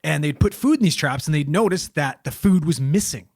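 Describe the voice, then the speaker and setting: A man's voice: a little high, animated, brisk, a little mellow, dry recording, clean studio sound. Profane rambling podcast storyteller, man. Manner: profane, rambling, filler-heavy. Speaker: podcast co-host telling a story. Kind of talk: casual storytelling chat.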